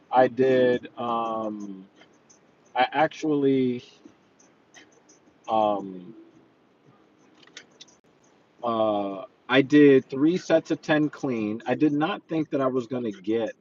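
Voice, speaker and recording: A man's voice: mid-range voice, highs cut off. A man who works as a personal trainer, chatting casually while he drives, earnest and rambling with lots of fillers. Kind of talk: casual driving vlog, talking while he drives. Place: inside a car.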